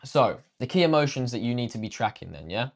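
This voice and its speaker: A man's voice: medium pitch, expressive, fast, creaky. Blunt, swearing man. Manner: swears a lot, says bruv and yeah at the end of lines. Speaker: trading coach. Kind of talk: blunt motivational rant to camera.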